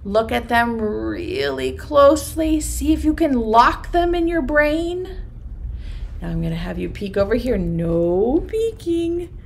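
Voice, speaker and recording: A woman preschool teacher leading an online circle time lesson, talking in a slow, sing-song and encouraging way with bright gasps and stretched words. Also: on the high side, creaky.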